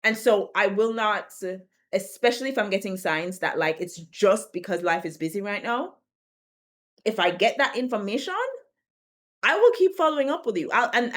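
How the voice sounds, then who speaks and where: A woman in her thirties talking casually to camera, chatty and quick to laugh, often repeating words as she rethinks a sentence, with slangy turns of phrase. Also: medium pitch. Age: 30s. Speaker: video creator. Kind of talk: casual direct-to-camera talk.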